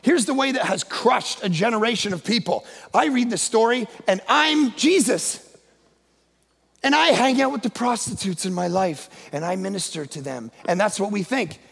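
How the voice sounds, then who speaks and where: A male guest pastor preaching a sermon in a church, emphatic and often shouting. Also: high-pitched, lively intonation, moderate pace, vocal fry, breathy edge. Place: church sanctuary. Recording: long echo of a large church hall.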